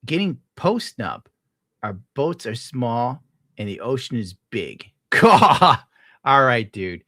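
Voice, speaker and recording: Bright, profane livestreaming man. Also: mid-range voice, big pitch swings, takes it slowly, dry recording, studio quality. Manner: profane, rambling, laughs often. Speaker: livestreamer reading chat messages. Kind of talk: casual livestream rant.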